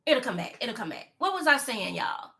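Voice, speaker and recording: A woman in her fifties chatting casually on a live stream, emphatic and repetitive, slowing down to stress her key points and greeting viewers mid-thought. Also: fairly high pitch, very animated, creaky, sharp tone. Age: 50s. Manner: slows down to stress key lines. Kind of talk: casual chat to a live audience.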